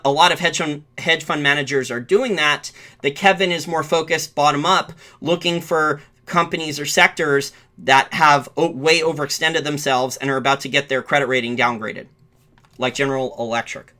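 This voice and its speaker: A man with a slightly high, pushed, bright voice hosts a live-streamed finance show. His market commentary is loose and rambling, often restarting mid-sentence and correcting itself.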